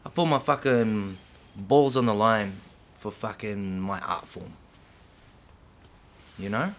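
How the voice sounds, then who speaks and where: A man's voice: fairly low pitch, takes it slowly. Profane, heated middle-aged man ranting. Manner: profane, slangy, heated, keeps checking in with "yeah?". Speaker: vlogger. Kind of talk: impassioned unscripted monologue.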